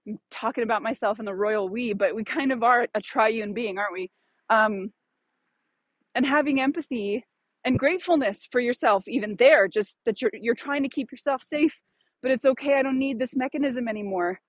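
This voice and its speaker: Woman, podcast host, casual reflective chat, slightly high pitch, dry sound. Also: normal speed, dry recording. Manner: thoughtful, many fillers and restarts.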